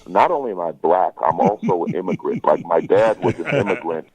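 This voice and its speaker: A man's voice: deep voice, very animated, a little fast, darkish tone, dry recording, low-quality recording. A man talking as a guest comedian in a casual interview, with a wry, joking manner.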